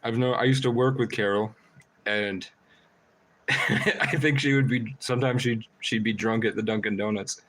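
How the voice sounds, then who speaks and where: A man's voice: fairly low pitch, fairly even intonation, normal speed, fairly bright tone. A man rambling through stories on a casual livestream, laughing and swearing as he goes. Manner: profane, laughing, rambling storytelling. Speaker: livestream host.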